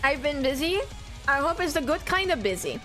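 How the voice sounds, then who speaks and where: A woman streamer, a native French speaker, chatting casually and reading her chat aloud, bubbly and excitable. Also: sits high, brisk, faint music behind. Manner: bubbly, excitable, squeals greetings to viewers.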